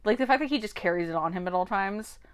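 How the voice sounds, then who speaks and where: Animated young woman recapping a show. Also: mid-range voice, fast. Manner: animated, acts out characters' lines. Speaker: podcast co-host. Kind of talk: casual chat recapping a TV show.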